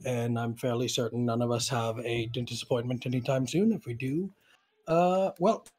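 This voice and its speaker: A man's voice: medium pitch, steady tone, moderate pace, darkish tone, breathy edge. A man with an English accent running a tabletop horror game as game master, narrating loosely with many fillers.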